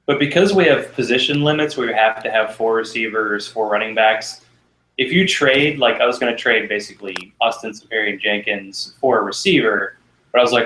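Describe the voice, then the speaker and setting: A man's voice: lowish voice, brisk, sharp tone. Guy hosting a chat show, rambly and wry, echoey room sound. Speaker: podcast host. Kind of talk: casual chat. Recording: roomy echo.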